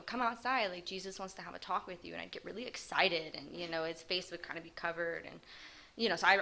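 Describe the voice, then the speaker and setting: A woman telling her life story in a personal testimony, halting and hesitant with frequent pauses. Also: lowish voice, sharp tone. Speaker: recovery group member sharing her story.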